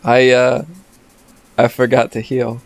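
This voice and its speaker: A man's voice: mid-range voice, monotone, slow, vocal fry. A man hosting a casual let's play, joking and rambling with frequent restarts as he comments on the game. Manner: joking, rambling, self-interrupting. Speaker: gaming channel host.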